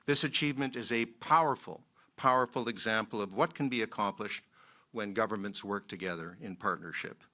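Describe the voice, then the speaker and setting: Low, bright-voiced man giving a ceremonial speech. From Manitoba, Canada. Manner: measured, emphatic, with frequent "uh" pauses. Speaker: member of Parliament giving a speech.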